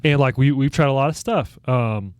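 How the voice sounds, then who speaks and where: Young male podcast co-host, animated storyteller, medium pitch, dry sound. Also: moderate pace, clean tone, no echo. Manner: animated storyteller, many fillers. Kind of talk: casual chat.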